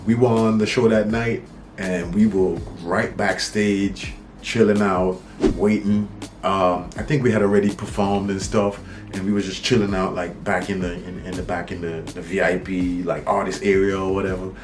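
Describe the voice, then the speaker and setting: A man from St. Kitts, a rapper, telling a story in a laid-back, rambling, slangy way. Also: low-pitched. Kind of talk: casual storytelling vlog.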